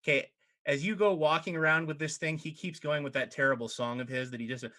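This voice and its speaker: A man narrating as dungeon master in an animated way, often laughing as he goes. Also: on the high side, quick pace. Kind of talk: narrating a tabletop game.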